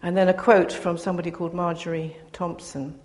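An older woman giving a personal testimony to a gathering, speaking earnestly with pauses and restarts. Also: fairly low pitch, level tone, a little mellow. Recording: reverberant hall, faint background noise.

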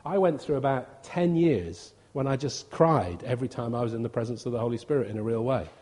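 A man's voice: medium pitch, a little fast, a little mellow. A man, a visiting preacher giving an informal, humorous sermon and acting out quotes. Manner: chatty, humorous, acts out quotes.

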